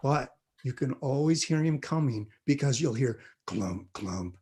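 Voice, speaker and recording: A man puts on a father spinning a ghost story in a deep, dropped voice that stays soft and quiet. He draws the words out slowly and keeps a deadpan calm, with a storyteller's live-stage feel. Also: husky. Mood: spooky hush. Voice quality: low, hushed and drawn-out. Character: deadpan dad spinning a spooky campfire tale.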